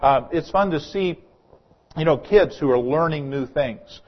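A man's voice: on the high side, unhurried. Earnest preacher man, lo-fi recording. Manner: earnest, repeats words at starts of phrases. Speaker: pastor. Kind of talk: sermon.

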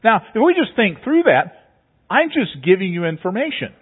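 A pastor preaches a sermon, working through a passage step by step like a teacher and often repeating words. His high, breathy voice is very animated at a normal speed, and the recording has a tinny, phone-like sound.

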